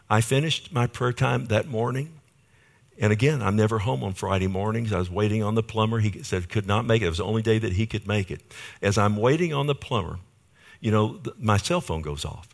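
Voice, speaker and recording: A man's voice: a little fast, vocal fry. A middle-aged male pastor preaching a sermon, telling a personal story and acting out the voices of people he quotes. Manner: storytelling, quoting others with lively swings of pitch and volume.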